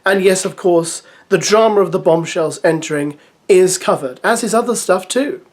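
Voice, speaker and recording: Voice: medium pitch, normal speed. A reality TV recap host reading a press release aloud and giving casual, opinionated commentary.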